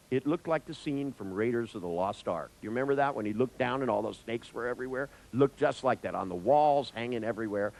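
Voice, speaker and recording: A man telling an anecdote in a lecture, acting out the voices with big jumps in pitch, swearing now and then and laughing at his own tale. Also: poor audio. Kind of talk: storytelling in a lecture.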